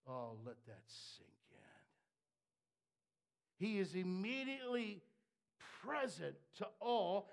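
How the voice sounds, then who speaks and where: A man preaching a sermon, dropping to hushed asides and then rising to shouted, fervent declarations. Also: high-pitched, gravelly.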